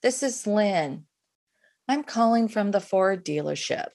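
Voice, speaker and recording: A chatty saleswoman leaving a rambly sing-song voicemail, pitched up a bit and hesitant, as a woman mimics her. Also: lively intonation, a little slow, darkish tone. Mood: rambling.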